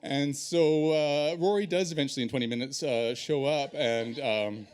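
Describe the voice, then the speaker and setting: A man telling a personal story on stage in an animated, self-deprecating way. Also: mid-range voice, moderate pace, clear, resonant tone.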